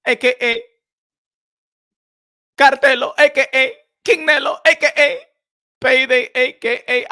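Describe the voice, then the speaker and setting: A man presenting a boxing vlog, delivering a sarcastic mock apology with theatrical fake sobbing, heavy sighs and whimpers, swinging between soft and loud. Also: extremely high pitch, creaky. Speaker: boxing YouTuber.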